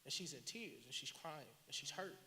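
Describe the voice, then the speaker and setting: A man, a filmmaker guest, telling his story in an animated, slangy and earnest way on a panel at a live event. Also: fairly high pitch, normal speed. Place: large hall at a live event. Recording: reverberant hall, faint hiss.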